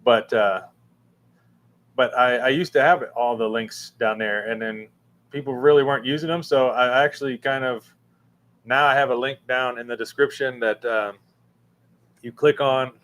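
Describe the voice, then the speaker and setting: A man's voice: medium pitch, steady tone, normal speed, long pauses, a bit bright. A man hosting a casual livestream, reading chat and rambling with many fillers and restarts. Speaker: livestream host answering chat. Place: room with a fan running.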